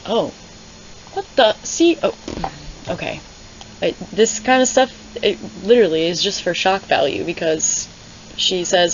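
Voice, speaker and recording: Low-voiced sarcastic woman reading along. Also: animated, measured pace, a little hiss or hum. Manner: sarcastic, exasperated, rambling asides. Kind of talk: casual readalong commentary. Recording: slightly dull lo-fi audio.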